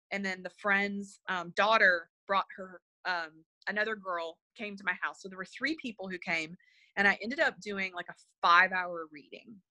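Woman interview guest, sincere storyteller, hesitant and filler-heavy, sharp bright tone, dry recording. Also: mid-range voice, no echo. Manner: hesitant, full of fillers and restarts; earnest and emotional. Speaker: interview guest, spiritual medium. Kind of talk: personal storytelling in conversation.

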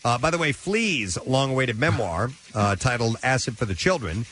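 A man hosting a radio show, reading entertainment news briskly with filler "uh"s and casual asides, in a radio studio. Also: mid-range voice, animated, a bit bright, a little hiss or hum. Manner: brisk newsreader delivery with filler "uh"s.

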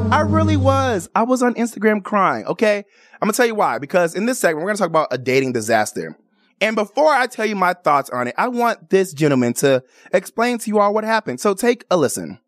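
In a radio studio, a female radio and TV host from Chicago keeps the talk casual and lively, with playful, theatrical outbursts such as cries and bird calls. She speaks a little fast in a mid-range voice. Soft music plays in the background of the clean, echo-free studio audio.

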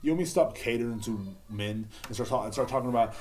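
A man's voice: medium pitch, fast talker, few pauses, a little mellow, a little hiss or hum. A man, hosting a podcast in a casual, profane, rambling monologue. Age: 30s. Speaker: podcast host.

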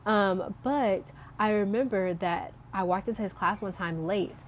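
Young woman, casual faith vlogger, mid-pitched and chatty, faint outdoor hiss behind her. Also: a little slow. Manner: chatty, frequent "like" fillers, laughs between thoughts.

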